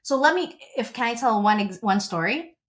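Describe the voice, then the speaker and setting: A woman in her forties, a relationship coach, talking as an interview guest in a gushing, animated storytelling way. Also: a little high, moderate pace.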